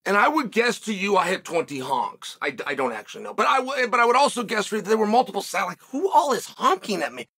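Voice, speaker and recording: Animated high-voiced man telling a story. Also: fast talker, hardly any pauses, husky. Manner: animated, acts out shouted quotes. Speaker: show host. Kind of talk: casual monologue storytelling. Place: studio.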